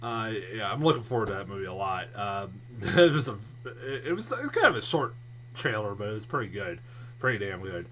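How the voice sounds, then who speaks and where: A man casually reviewing movies in a vlog, rambling and excitable, swearing a lot and restarting his sentences often. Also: fairly low pitch, brisk, slight background noise. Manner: many fillers and restarts.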